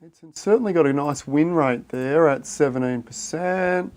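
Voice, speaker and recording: A man's voice: a little high, normal speed, darkish tone. Chatty man hosting a livestream. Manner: thinks aloud while reading viewer chat, matey and chatty. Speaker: livestream host. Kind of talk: casual livestream chat.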